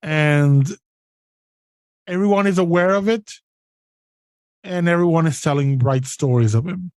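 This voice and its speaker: Slow, measured male game master. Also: a little high, no echo. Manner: slow, deliberate scene-setting narration. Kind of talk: narrating a tabletop game.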